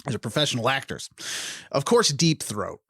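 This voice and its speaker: A man's voice: mid-range voice, big pitch swings, normal speed, vocal fry, sharp tone, husky, no echo, studio quality. A man co-hosting a film podcast, rambling and profane, with restarts and laughs. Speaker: podcast co-host. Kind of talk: casual film podcast chat.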